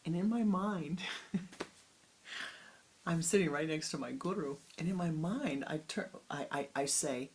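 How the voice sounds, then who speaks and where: A spiritual teacher giving a meditative sermon, speaking slowly and softly, often sinking into a whisper, with long pauses. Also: medium pitch. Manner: slow, soft, often dropping into whispers; unhurried with long pauses, halting restarts.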